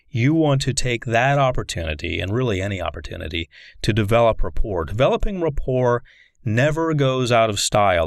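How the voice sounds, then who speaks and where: Male life coach lecturer: low-pitched, dry and close-miked, earnest, poses rhetorical questions. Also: no echo.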